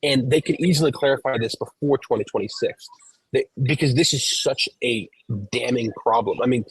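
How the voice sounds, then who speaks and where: A man's voice: mid-range voice, normal speed, slightly rough, dry recording, low-quality recording. A man co-hosting a podcast, explaining a topic at length in casual chat, walking through examples and often restarting his sentences. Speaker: podcast co-host, professional gambler.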